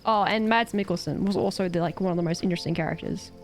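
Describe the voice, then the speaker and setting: A woman's voice: lowish voice, fast talker, soft background music. A woman streamer chatting casually while gaming, ranting animatedly with swearing and laughter.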